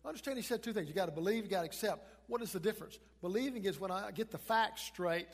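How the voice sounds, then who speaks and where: A high-pitched male pastor preaching in a husky voice. His sermon swings between emphatic peaks and hushed passages. The voice rings with the long reverb of a large hall. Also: fast talker.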